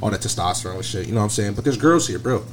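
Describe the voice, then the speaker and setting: A young man casually telling an animated, slangy story full of profanity. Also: lowish voice, very fast, slight background noise. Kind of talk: casual chat.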